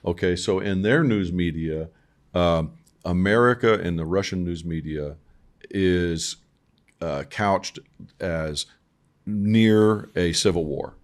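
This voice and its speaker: Low-voiced male podcast co-host, relaxed and conversational, shares things he has read. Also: slow. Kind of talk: casual podcast discussion.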